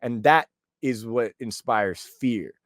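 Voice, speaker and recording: Brief: male podcast guest, mid-pitched, eager, dry close sound. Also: slow, fairly bright tone, dry recording. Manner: enthusiastic, acts out quotes. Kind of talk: casual chat.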